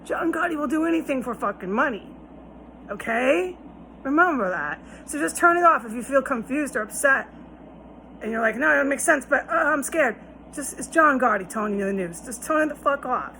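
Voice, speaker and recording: A woman's voice: high-pitched, expressive, moderate pace, sharp tone, a little hiss or hum, low-quality recording. A woman talking straight to her viewers in a rambling, emphatic monologue, swearing often and lecturing them. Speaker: vlogger. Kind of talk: direct-to-camera monologue.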